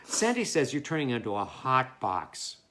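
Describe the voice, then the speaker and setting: Man reading earnest, stuffy young college guy, jealous, scolds in loud spurts. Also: mid-range voice, wildly swooping pitch, moderate pace. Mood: scolding. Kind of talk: staged play reading. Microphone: home mic.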